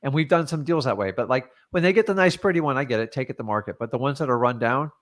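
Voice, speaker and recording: This is a man in the middle of his range, talking like a real estate coach in a loose, plain-spoken lesson. His delivery is blunt and lively, with the odd "like" and "man" dropped in as he explains. He chats easily with a caller between points. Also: mid-range voice, fast. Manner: blunt and animated, with frequent filler "like" and "man". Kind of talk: casual teaching and live Q&A.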